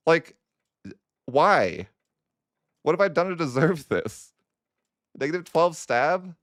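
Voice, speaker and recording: A man's voice: a little high, big pitch swings, slow pace, a bit bright, no echo, clean studio sound. A young man commentating his own strategy game session, exasperated and whiny with a sarcastic streak. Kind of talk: frustrated gameplay commentary.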